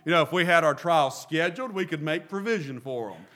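A man's voice: on the high side, animated, a little fast, pushed and bright. A middle-aged man preaching a sermon as a pastor, asking rhetorical questions and repeating phrases for emphasis.

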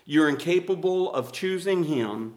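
A male pastor preaching a sermon, reading scripture slowly and building emphasis as he goes. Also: on the high side, lively intonation, darkish tone.

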